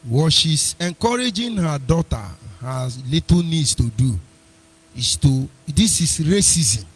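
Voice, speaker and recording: Male radio host, high husky voice, combative and mocking, sing-song jabs. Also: very animated, slow pace. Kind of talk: live internet radio commentary.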